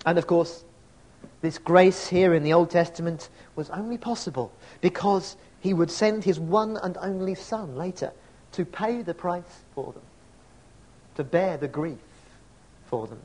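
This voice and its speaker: A male preacher with a fairly high voice delivers a reflective sermon. He muses aloud and poses rhetorical questions to his listeners. At times he reads passages of scripture and poetry. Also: measured pace, a little mellow.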